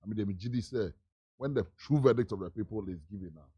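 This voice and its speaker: A man's voice: lowish voice, a little fast, mellow, husky. A man with a Ghanaian accent speaking as a political guest on a radio show, emphatic and mixing Twi with English. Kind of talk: radio interview.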